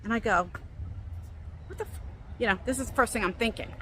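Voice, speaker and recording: A middle-aged woman tells a story on her phone while walking outdoors. Her voice sits high and bright, and she jumps even higher when she acts out what she said. A faint hiss of open air runs underneath. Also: very fast. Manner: animated, quotes herself with big jumps in pitch. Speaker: vlogger. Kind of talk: casual storytelling. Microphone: phone on a selfie stick.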